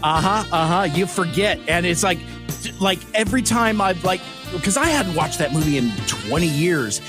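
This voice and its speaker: A man's voice: high-pitched, moderate pace, over music. A man co-hosting a podcast, chatting casually and animatedly, laughing often. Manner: animated, laughs often, does silly voices. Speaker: podcast co-host. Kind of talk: casual chat.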